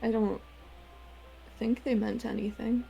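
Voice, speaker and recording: A woman's voice: a little high, little pitch movement, unhurried, creaky, dark tone, dull audio, a little hiss or hum. A woman playing her character in a tabletop game, hesitant and trailing off, with small laughs. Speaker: player. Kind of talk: in-character tabletop role-play.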